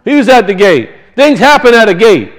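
A man's voice: sits high, very animated, fairly quick, low-quality recording. A man preaching a sermon, teaching through rhetorical questions and emphatic repetition.

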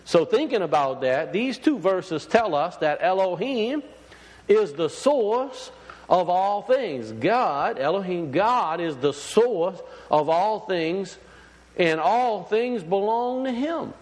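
With a high-pitched voice and lively intonation, a man slowly delivers a sermon. He's informal and rambling, restarting and using fillers while questioning the congregation. A long hall reverb hangs over the recording.

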